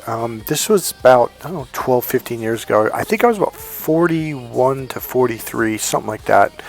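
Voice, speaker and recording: A man in his fifties giving casual dating advice, rambling with restarts and acting out quoted dialogue. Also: medium pitch. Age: 50s. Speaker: dating coach.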